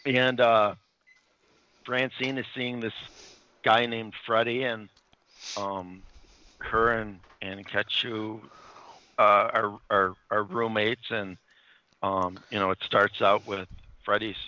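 A man's voice: fairly low pitch, sharp tone, slight background noise. A man hosting a casual podcast chat about comics, talking in a rambling, hesitant way full of fillers. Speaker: podcast host reviewing comics. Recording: dull, lo-fi dry recording.

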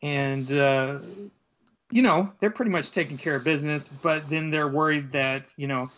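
A man's voice: fairly high pitch, normal speed, a bit bright. Guy co-hosting a chatty podcast, rambles a lot with loads of ums, kinda dull lo-fi audio. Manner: rambling, full of fillers and restarts. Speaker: podcast co-host. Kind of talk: casual chat.

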